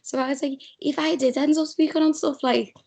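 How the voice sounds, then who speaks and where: A woman's voice: sits high, brisk, gravelly. A young woman with a strong Scouse accent, chatting as a guest over a Skype audio call. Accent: Scouse (Liverpool). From Liverpool, England. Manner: chatty, animated storyteller. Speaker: guest, radio producer. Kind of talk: casual chat.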